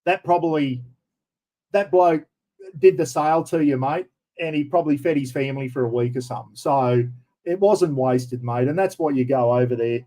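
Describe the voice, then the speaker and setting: A man's voice: medium pitch, normal speed, warm tone, poor audio. A middle-aged Australian man chatting casually on a livestream, rambling and reading out viewer comments, calling people "mate". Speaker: livestream host. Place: home computer room.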